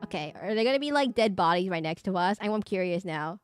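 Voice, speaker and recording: A woman's voice: medium pitch, animated, fast talker, clean tone, no echo, faint music behind. A woman streamer playing a romance horror game, reading the characters' lines aloud with drama and breaking off to react and laugh. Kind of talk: reading game dialogue aloud during a let's play.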